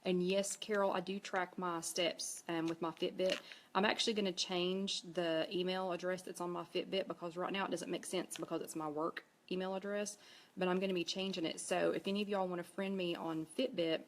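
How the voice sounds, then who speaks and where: A woman's voice: on the low side, little pitch movement, brisk, slight background noise. A woman with an East Tennessee accent, hosting a casual Facebook Live chat and reading viewer comments aloud as she talks. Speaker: host.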